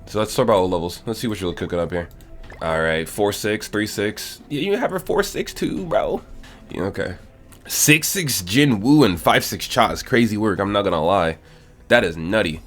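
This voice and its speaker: A man's voice: lowish voice, animated, moderate pace, faint music behind. A young man giving casual gaming commentary, blunt and exasperated as he reviews an account and swears often.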